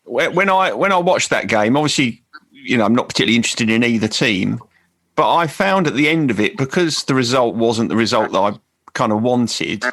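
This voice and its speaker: Dry, teasing podcast host. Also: male voice, medium pitch, expressive, a little fast, a bit bright. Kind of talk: casual chat.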